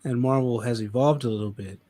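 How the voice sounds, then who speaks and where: A man's voice: medium pitch, brisk. Laid-back swearing man chatting. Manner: animated, swears and laughs often. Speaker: podcast host. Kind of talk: casual chat.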